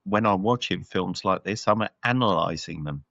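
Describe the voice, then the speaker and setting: A man with a deep, gravelly, slightly bright voice co-hosts a podcast at a moderate pace, casually reviewing a film and thinking aloud through plenty of fillers. The audio is dull, with no room sound.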